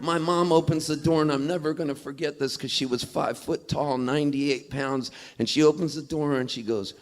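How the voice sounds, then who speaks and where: A man's voice: fairly high pitch, normal speed. A middle-aged man from Southern California telling a funny, tender story on a concert stage. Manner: animated, jokey storytelling that shifts into song. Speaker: singer-songwriter performing.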